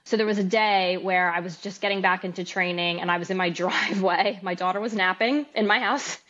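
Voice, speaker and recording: A woman in her thirties, a podcast guest, candidly recounting her story in an interview, animated and laughing at times. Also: fairly low pitch, fairly quick. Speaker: podcast guest, amateur boxer. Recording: slightly dull, lo-fi sound.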